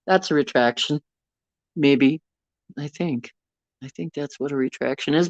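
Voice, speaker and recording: Unhurried and leaving long pauses, a low-voiced woman chats casually on a livestream from her bedroom, reading out viewer comments. The audio comes from a phone, dull and lo-fi, with no room sound.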